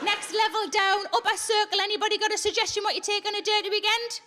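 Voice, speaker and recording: Woman comic, crowd work in a big theatre, high pitch, loud audience noise behind. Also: fairly even intonation, fast talker. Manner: blunt, sweary, chatty crowd work. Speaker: stand-up comedian. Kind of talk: live stand-up with audience banter. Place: large theatre on stage. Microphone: handheld stage microphone. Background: audience laughter.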